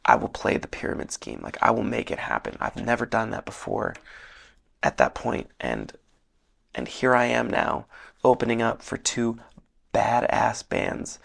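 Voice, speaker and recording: Hoarse, gravelly-voiced young man rambling. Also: medium pitch. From Northern Michigan. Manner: rambling, filler-heavy, earnest. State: losing his voice, slightly hoarse. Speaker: podcast host. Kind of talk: casual solo podcast monologue. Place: hotel room.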